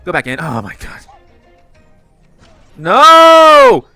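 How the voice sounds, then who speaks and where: A man commentating his own gameplay, excitable and quick to burst into frustrated outcries. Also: medium pitch, no echo, faint music behind. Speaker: gamer. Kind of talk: game commentary.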